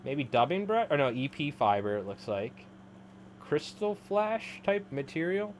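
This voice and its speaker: A man's voice: fairly high pitch, very animated, measured pace, slight background noise. Rambling, laughing male streamer. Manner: rambling, laughs a lot, says "like" often. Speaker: live-streaming fly tyer. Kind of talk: casual live-stream chat.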